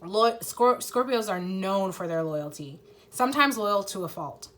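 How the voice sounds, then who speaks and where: A woman's voice: mid-range voice, lively intonation, measured pace, fairly bright tone. A woman giving a casual, earnest tarot reading to her viewers. She swears freely, uses many fillers, and fights back tears. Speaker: tarot reader.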